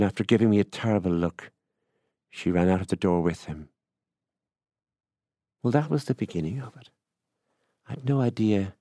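A man reading aloud, voicing a middle-aged rural widower who tells his story in a slow, confiding way. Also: on the low side, gravelly, mellow, slightly rough, dry recording, clean studio sound.

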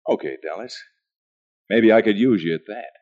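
An actor playing a calm, cocky outlaw gunslinger who talks in clipped, menacing lines, in a 1940s radio western. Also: male voice, fairly low pitch, normal speed. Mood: cool. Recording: dull old radio recording.

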